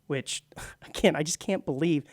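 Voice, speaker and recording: A man's voice: on the high side, normal speed, darkish tone, no echo, studio quality. A man co-hosting a radio talk show in casual chat, chatty and laughing often, with frequent restarts.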